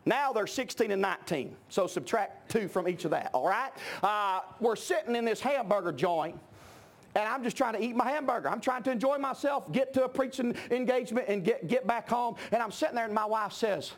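A middle-aged man preaching a sermon, emphatic and shouting at his peaks. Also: high voice, brisk. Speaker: pastor.

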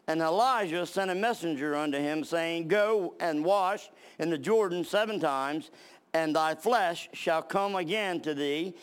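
A man's voice: high-pitched, smooth. A man preaching a sermon, reading scripture aloud and then explaining it in plain talk with fillers and restarts.

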